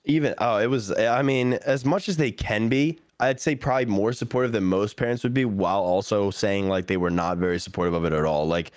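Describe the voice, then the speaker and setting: A young man chats on a podcast. He talks quickly and acts out quotes with sudden high jumps in pitch. The sound is dry and close, with no room in it. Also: no echo. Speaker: podcast guest. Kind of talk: casual podcast chat.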